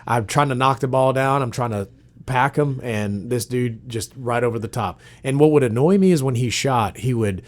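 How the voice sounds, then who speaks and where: A man in his thirties, co-hosting a podcast, telling a funny story in a casual, animated way. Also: mid-range voice, moderate pace. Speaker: podcast co-host.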